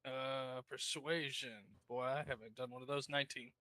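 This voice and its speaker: A male tabletop player with a bright, forceful tone. He talks about his moves in a flat, offhand way. The recording is close and dry, with no room sound. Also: medium pitch, moderate pace, dry recording. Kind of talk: casual tabletop play.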